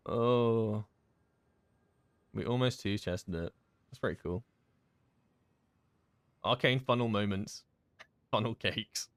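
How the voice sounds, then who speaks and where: A man streaming a game in casual chat, rambling and chatty with many fillers and quick laughs. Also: fairly low pitch, a bit bright, clean tone, no echo. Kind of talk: casual live-stream chat while gaming.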